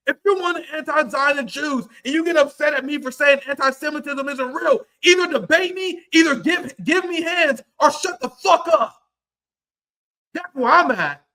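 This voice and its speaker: An American man on a livestream whose voice sits extremely high for a man, with a hard, tense, forceful edge. He rants in a confrontational way, shouting often and swearing freely. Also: moderate pace, rough recording. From United States. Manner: angry, shouting, profane, confrontational. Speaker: political commentary host. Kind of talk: livestream political rant.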